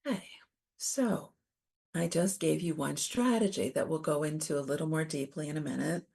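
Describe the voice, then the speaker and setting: A middle-aged woman giving a calm, explanatory talk on coping with stress, as presenter. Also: low voice, moderate pace, gravelly, slightly rough. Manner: calm, validating, explains step by step.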